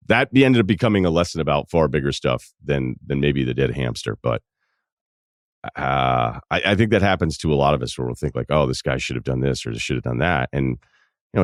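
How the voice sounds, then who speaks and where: A man hosting an advice podcast, reading listener emails aloud and breaking off for dry, deadpan asides in a casual, chatty way. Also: a bass voice, dry recording. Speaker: podcast host.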